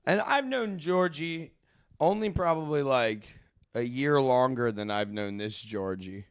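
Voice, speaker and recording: A man co-hosting a podcast in casual chat, joking and quick to laugh, swearing freely. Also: mid-range voice, lively intonation, clear, resonant tone, dry recording, clean studio sound. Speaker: podcast co-host. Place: podcast studio.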